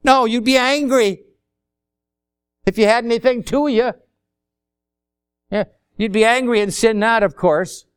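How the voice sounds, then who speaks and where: A man with a high, smooth voice delivers a sermon at an unhurried, deliberate pace. He talks in a folksy way, slipping into quick everyday dialogues to make his points, and leans hard on the key words. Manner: folksy, acts out little dialogues. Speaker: pastor.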